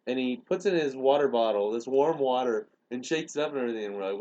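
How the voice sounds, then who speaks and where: A young man tells a story on a podcast in a loose, conversational way. He lets his pitch sit in a middle range. He acts out quoted lines as he goes. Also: quick pace, few pauses, warm tone, highs cut off. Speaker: podcast host. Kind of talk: casual storytelling chat.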